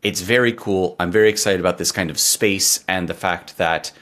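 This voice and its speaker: A man's voice: low voice, normal speed, fairly bright tone. A man co-hosting a podcast in casual chat, wry and sarcastic as he tells stories. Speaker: podcast co-host.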